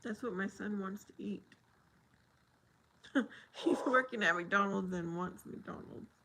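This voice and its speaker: Slow, gravelly middle-aged woman streamer. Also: medium pitch, bright, forceful tone, slight background noise, low-quality recording. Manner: laughs often, greets and answers viewers. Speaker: livestream host. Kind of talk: casual livestream chat.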